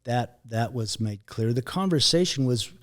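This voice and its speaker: A middle-aged man speaks expressively in an interview about his near-death experience, an emotional personal story. He pauses and repeats himself, and his voice grows low and hushed in the hardest parts.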